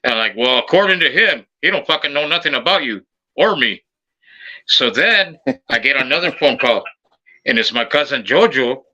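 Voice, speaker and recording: A man's voice: mid-range voice, normal speed, dull audio. A man hosting a podcast, telling a funny story in casual, profane chat, acting out the voices in it. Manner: animated storyteller, acts out voices, swears a lot. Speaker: podcast host.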